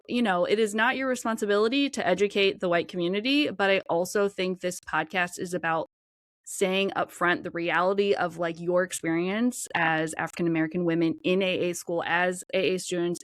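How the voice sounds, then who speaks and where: A woman hosting a podcast interview, speaking in an empathetic, gently probing way. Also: lowish voice, dry recording, studio quality. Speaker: podcast host.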